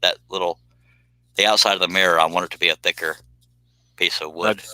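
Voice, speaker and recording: Folksy man with a sharp voice. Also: low voice, fairly even intonation, brisk, a little hiss or hum, poor audio. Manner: folksy, easygoing, explains as he works. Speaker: woodworking livestream host. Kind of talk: casual chat while working.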